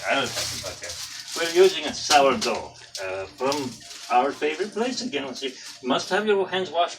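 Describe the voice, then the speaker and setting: A man's voice: medium pitch, noisy background. A man casually demonstrating a breakfast recipe in his home kitchen, chatty and jokey with rambling asides. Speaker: home cook presenting a recipe. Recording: voice from a distance with music behind.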